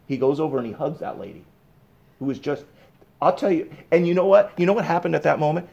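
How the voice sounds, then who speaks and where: Male pastor, slightly high voice, emphatic sermon delivery with hushed drops. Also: fast talker, creaky, muffled recording. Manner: emphatic, rising to raised bursts on key points; drops to a low hushed tone for reflection.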